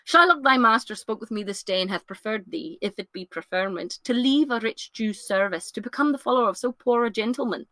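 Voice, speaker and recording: A woman reading the part of a courteous young gentleman in a solo reading of a classic play, speaking in calm, measured verse. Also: fairly high pitch, no room sound.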